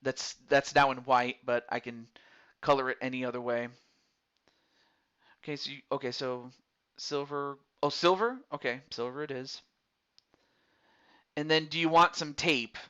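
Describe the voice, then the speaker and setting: A man's voice: medium pitch, steady tone, unhurried, pauses often, fairly bright tone, clear, resonant tone, lo-fi sound. A man casually talking through a baseball game's character creation menus, reading out choices to a viewer as he picks them. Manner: chatty, talks through menu choices aloud. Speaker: streamer. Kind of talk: casual game commentary.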